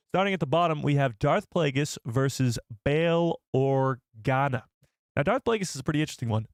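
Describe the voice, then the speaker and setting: Guy rambling on a live stream, mid pitch, dry close mic, keeps tripping over his words. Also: dry recording. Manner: chatty, rambling, self-correcting. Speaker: host of a live show. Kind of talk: casual live-stream commentary.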